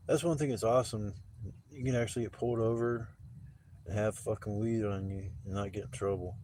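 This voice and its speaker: A man's voice: on the low side, normal speed, long pauses, darkish tone, slight background noise. A man in his forties telling rambling stories on a casual livestream, laid-back and profane, acting out the voices of people in his stories. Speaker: livestream host. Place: outdoors at a campsite.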